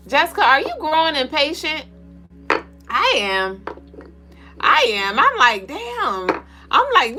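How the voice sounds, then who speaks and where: A young woman hosts a spiritual livestream, greeting viewers by name and answering their comments in loose, profane, laughing chat. Her voice is bright and sits a bit high. Soft music plays behind her. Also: wildly swooping pitch, takes it slowly. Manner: playful, swears freely, laughs often, greets viewers by name.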